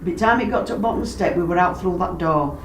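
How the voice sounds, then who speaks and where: Fast and fairly low-pitched, a woman casually tells lively stories of strange things in a house, playing out what others said and speaking with dialect grammar. It's recorded in a roomy space on a distant mic with background noise.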